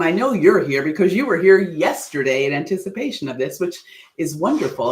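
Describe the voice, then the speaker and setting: An American woman hosts a casual public speaking livestream, chatting loosely with her viewers. She pokes fun at herself and her pitch jumps high on exclamations. The sound carries some room echo. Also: moderate pace. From United States. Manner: chatty, self-deprecating, animated with sudden high exclamations.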